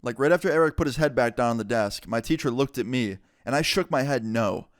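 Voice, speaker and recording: A man's voice: mid-range voice, lively intonation, no echo, clean studio sound. A man telling a story time in a chatty, casual way, filling his talk with "like" and acting out the people he quotes. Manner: chatty, quick to act out people he quotes, lots of "like". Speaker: storyteller vlogger.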